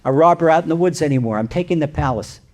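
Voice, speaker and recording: A man voicing a kindly king in a sermon story, insistent and warm. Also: a little high, fast talker, close to an everyday voice.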